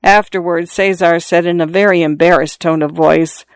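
A narrator reading a classic story aloud in a measured, even way. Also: mid-range voice, no echo. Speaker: audiobook narrator. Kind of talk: literary audiobook narration.

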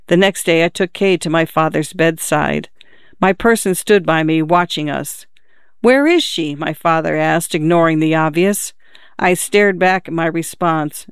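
A woman reads literary short stories for radio in a smooth, clear voice. Her delivery is measured and even, and the sound is dry and close. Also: on the low side, no room sound. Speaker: radio story reader. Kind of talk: scripted narration of short stories.

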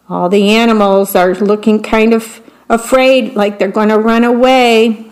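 A woman reads children's picture books aloud at an unhurried pace. Her voice sits a little high, and she pauses to talk about what is on each page. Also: poor audio. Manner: slow, expressive read-aloud with descriptions of the pictures. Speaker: storybook reader.

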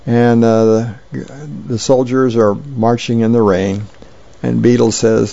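A man reading newspaper advice letters and comics aloud in a plain, unhurried way, stumbling now and then. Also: medium pitch, flat delivery, gravelly, warm tone, lo-fi sound. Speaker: reader of newspaper features.

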